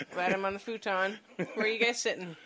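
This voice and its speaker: A podcast co-host trades quick, teasing banter from a futon at home. The talk stays loose and casual. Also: mid-range voice, steady tone, bright, forceful tone. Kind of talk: casual chat.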